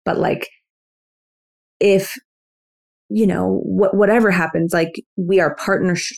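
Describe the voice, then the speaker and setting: A woman's voice: lowish voice, fairly even intonation, takes it slowly, creaky. A pregnant woman in her thirties, a podcast guest, talking in a reflective, laid-back way with many fillers. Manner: reflective, laid-back, lots of "you know". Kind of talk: casual chat.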